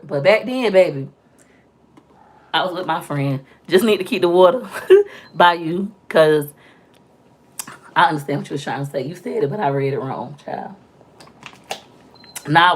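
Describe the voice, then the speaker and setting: A young woman chatting loudly and talkatively with viewers on a casual live stream, telling stories with playful, animated quoted voices. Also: deep voice. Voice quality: loud, talkative. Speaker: livestream host.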